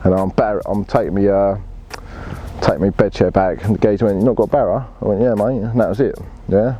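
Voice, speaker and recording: A man's voice: fairly low pitch, fairly quick, mellow, a little hiss or hum. A man telling a fishing story in blunt, laddish slang and swearing freely. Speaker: angler telling his story. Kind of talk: casual storytelling.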